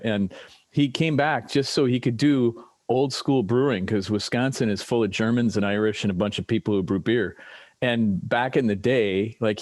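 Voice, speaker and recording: A man in casual chat over drinks, telling rambling stories with lively quoted voices as a podcast guest. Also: mid-range voice, dry recording.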